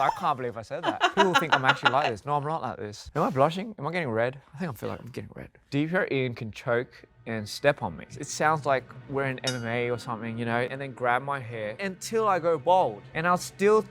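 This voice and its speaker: A man's voice: mid-range voice, expressive, fairly quick, over music. A man reading fan tweets aloud and reacting to them, amused and playful and laughing often.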